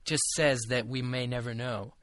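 A man's voice: medium pitch, steady tone, normal speed, fairly bright tone, dry recording. A young man co-hosting a casual group podcast chat, rambling with lots of fillers and restarts. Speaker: podcast co-host.

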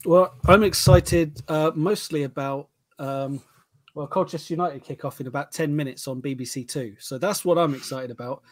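A man's voice: mid-range voice, normal speed. A man talking in a casual sports podcast, laid-back and wry. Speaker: podcast co-host.

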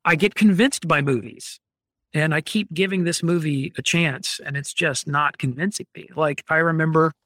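A man's voice: on the high side, moderate pace, fairly bright tone, no room sound, clean studio sound. A man, ranting in an opinionated, exasperated way during a casual podcast chat. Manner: opinionated, exasperated, rambling critique.

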